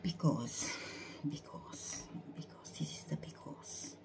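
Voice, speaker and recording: A woman in a whispered personal monologue, halting and repeating herself, close to tears.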